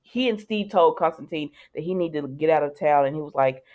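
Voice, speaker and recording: A woman's voice: low-pitched, a little fast, a little mellow, lo-fi sound. Woman vlogger, casual rambling recap, full of asides and restarts. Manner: rambling, many fillers and restarts, chatty asides. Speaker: soap opera recap vlogger.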